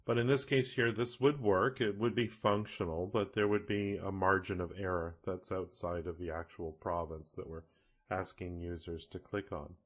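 A middle-aged man from Canada explaining software step by step in a casual screen-recorded tutorial, often correcting himself as he goes. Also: deep voice, fairly even intonation, normal speed. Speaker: e-learning tutorial instructor.

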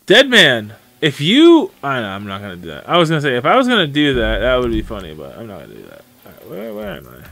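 A man's voice: mid-range voice, wildly swooping pitch, fast, gravelly, bright, forceful tone. A man streaming a game live, chatting casually and greeting viewers by name as he plays. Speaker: gaming streamer. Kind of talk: live gameplay commentary.

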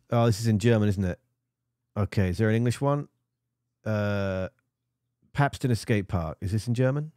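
A man's voice: fairly low pitch, darkish tone, no echo, clean studio sound. A man reviewing music videos in casual screen-share commentary, rambling and poking fun at himself. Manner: rambling and self-mocking.

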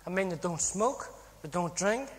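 Brief: Irish man, high voice, comic testimony storytelling in a reverberant hall. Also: moderate pace. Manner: jokey, punchline-driven, animated. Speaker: speaker giving a testimony.

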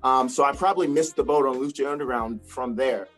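A man, a wrestler, telling stories in a casual interview over a video call, acting out quotes with big jumps in pitch. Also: fairly quick, faint music behind. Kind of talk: casual storytelling.

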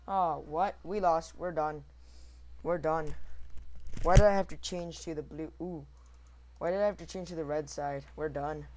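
A man giving casual, rambling commentary over his own gameplay, mocking himself and mouthing squeaky shooting sound effects. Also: steady tone, moderate pace, pauses often, darkish tone. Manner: rambling, self-mocking asides to viewers. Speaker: gamer recording his own match.

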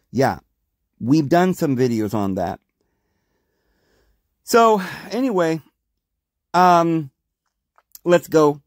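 A man hosting a podcast, reading scripture aloud and commenting on it with animated rhetorical questions. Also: on the high side, no room sound, studio quality. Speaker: podcast host.

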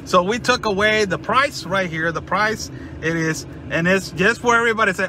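A man in a sarcastic vlog monologue, mocking and loudly mock-excited. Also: high voice, normal speed, slight background noise. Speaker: vlogger.

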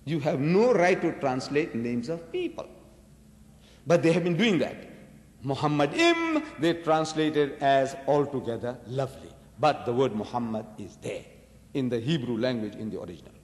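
A man giving an emphatic religious debate lecture to an audience, full of rhetorical questions and big swings in pitch, slowing down to stress his points. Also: sing-song. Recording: reverberant hall recording.

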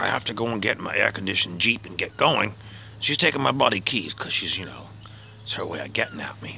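A man doing a gravelly outback husband. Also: on the low side, sharp tone, a little hiss or hum, full character voice. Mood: muttering. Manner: rambling, self-questioning, drops to a muttering whisper. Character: rambling grumpy outback husband, middle-aged man. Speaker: comedian. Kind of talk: comic character monologue.

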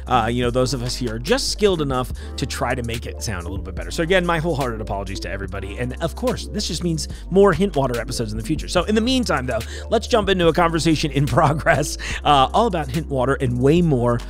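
A man's voice: medium pitch, very animated, fast, hardly any pauses, soft background music. A male podcast host giving a chatty, apologetic solo intro full of rambling asides.

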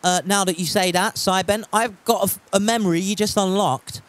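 A man's voice: sits high, steady tone, a little fast, a bit bright. A man chatting casually while streaming a game from home, reading chat aloud and swearing freely.

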